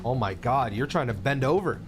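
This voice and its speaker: A man's voice: medium pitch, expressive, a little fast. A man from the Philippines chatting casually and profanely while streaming a game, with rambling asides and jokes. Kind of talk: casual live-stream chat over gameplay. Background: game music.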